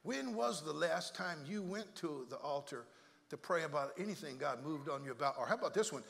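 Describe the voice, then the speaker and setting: A male pastor preaching a comic, story-filled sermon to his church, energetic and jokey, repeating himself and acting out voices. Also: a little high, fairly quick, creaky, in a large hall. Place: church sanctuary.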